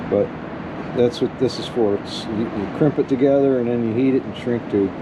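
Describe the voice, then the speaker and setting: A man's voice: mid-range voice, moderate pace, background noise. Folksy DIY guy narrating outdoor work. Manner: folksy, wry and self-deprecating, talks to viewers mid-task. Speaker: DIY home restoration vlogger. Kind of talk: casual narration while working. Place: outdoors at a house and well house, digging.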